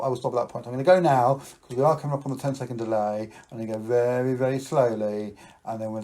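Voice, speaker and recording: A man's voice: medium pitch, mellow. A man hosting a live-streamed show, chatting playfully with viewers while doing card tricks and telling silly stories. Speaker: magician and live show host.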